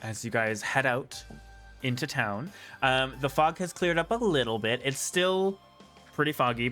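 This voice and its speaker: A man's voice: mid-range voice, sharp tone. A man running a tabletop game as game master, talking casually with lots of um's and laughs. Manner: laughs often, many fillers.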